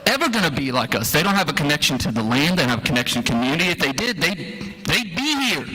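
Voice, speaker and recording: A man's voice: a little high, expressive, fast talker, pushed and bright. A man, a school teacher, giving a folksy, impassioned town hall speech full of rhetorical questions. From Louisiana. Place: church hall, live audience. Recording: echoey hall, live stream.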